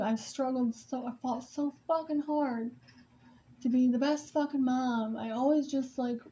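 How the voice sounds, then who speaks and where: Eine fluchende junge Mutter, die sich beim Malen Luft macht. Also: female voice, high-pitched, dark tone. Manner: emotional, swearing, rambling with restarts. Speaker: mother venting about co-parenting. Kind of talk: casual venting vlog.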